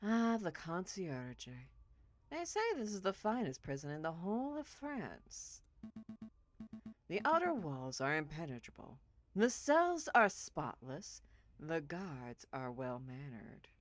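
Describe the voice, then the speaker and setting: A woman voicing a formal male bird lawyer who talks in a slow, measured way. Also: sits low, sing-song, no room sound, full character voice.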